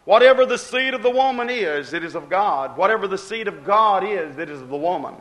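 A man's voice: high-pitched, lively intonation, a little fast, a bit bright. A man preaching a sermon with a rising and falling cadence, repeating phrases as he builds each point.

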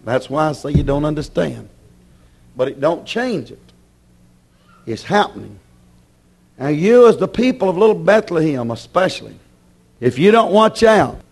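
A man preaching a sermon with passion, acting out his listeners' objections and swinging between loud declarations and hushed warnings. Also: high-pitched, breathy edge. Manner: voices imagined objections from the congregation.

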